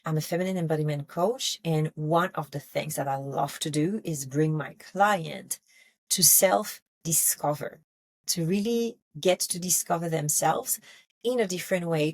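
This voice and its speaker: Woman coaching on her podcast, low voice, dry close mic, thoughtful and gentle. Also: no room sound. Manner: reflective, gentle, pausing to restart phrases. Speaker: feminine embodiment coach, podcast host. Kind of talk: solo podcast talk.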